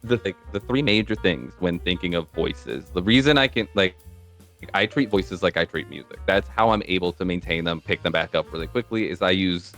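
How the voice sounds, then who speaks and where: A man's voice: deep voice, brisk, a bit bright, faint music behind. A man from New York hosting a podcast, chatting casually about voice acting in a rambling, explanatory way. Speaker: podcast host.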